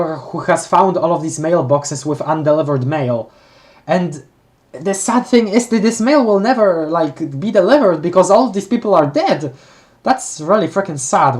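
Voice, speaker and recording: A streamer with a mid-range, darkish voice reads a webcomic aloud during a live read-along. They often stumble over words and restart, reacting with gasps and emotion along the way.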